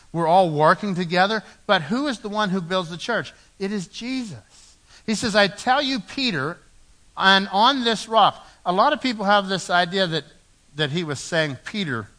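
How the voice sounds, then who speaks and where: Animated man preaching a sermon. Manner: dramatic preaching, swinging from loud emphasis to low hushed lines. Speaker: pastor.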